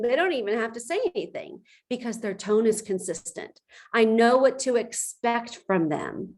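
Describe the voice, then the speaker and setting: Female presenter, forties, passionate and fiery, unhurried delivery, motivational team trainer. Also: a little high. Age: 40s.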